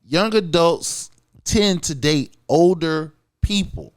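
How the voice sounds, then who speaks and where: A man's voice: a little high, takes it slowly. Blunt, profane man holding forth. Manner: blunt, profane, emphatic, keeps asking "you feel what I'm saying". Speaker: podcast co-host. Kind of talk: casual podcast commentary.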